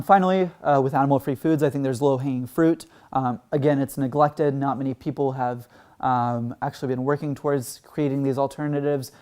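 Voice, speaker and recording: A man's voice: medium pitch, darkish tone. A man from Texas giving an earnest conference talk, full of "um" and "like" fillers. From Texas, United States. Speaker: conference speaker.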